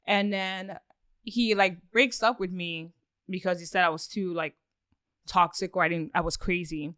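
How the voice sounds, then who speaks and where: A woman guest on a podcast, telling a story casually in a rambling, filler-heavy way with lots of swearing and animated acted-out quotes. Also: fairly low pitch, unhurried, no room sound, studio quality.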